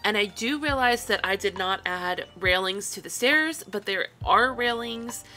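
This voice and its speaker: A woman narrates a voiceover in a chatty, rambling way, full of ums and little asides. Her voice is bright and clear, and she sounds tired. Soft music plays faintly behind her. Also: medium pitch, lively intonation, unhurried. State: yawning, tired. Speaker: video creator.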